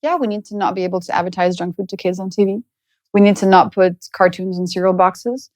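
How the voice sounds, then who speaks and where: A woman in her thirties from France with a French accent, a guest in an interview, speaking quickly, directly and assertively. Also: mid-range voice, a little mellow, no echo. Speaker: guest, nutrition educator. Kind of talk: casual interview chat.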